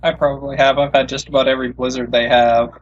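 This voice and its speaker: A young man chatting as a guest, giving blunt, deadpan retorts. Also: medium pitch, quick pace, lo-fi sound, crowd noise. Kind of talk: casual chat.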